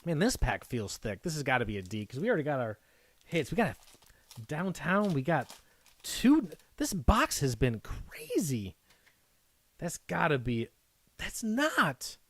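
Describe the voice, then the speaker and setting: Excitable man hosting a card break. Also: a little high, a little slow, no room sound. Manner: excitable, gasping and whooping at pulls; chatty, rambling asides. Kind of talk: live card-break commentary.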